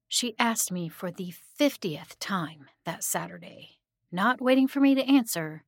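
A woman narrating a scripted horror story in the first person, soft-spoken and often dropping to a hushed whisper. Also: medium pitch, a little slow, breathy edge, no echo, clean studio sound.

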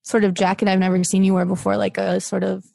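A woman with a mid-pitched voice plays a chatty, eager interviewer in an improvised comedy podcast. She prods her guest with quick follow-up questions. The recording is close and dry. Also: completely flat delivery, gravelly, warm tone, no room sound. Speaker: podcast co-host.

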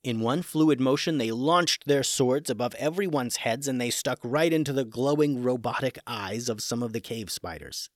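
A man narrating a scripted children's adventure story in an animated, dramatic way. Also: medium pitch, normal speed, few pauses, dry recording, studio quality.

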